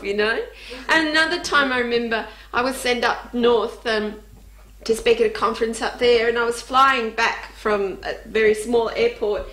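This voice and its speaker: An Australian woman with a high, bright voice spins humorous stories from her own life. She is animated, laughs easily and acts out the voices. The recording carries a noticeable room echo. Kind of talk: humorous personal storytelling.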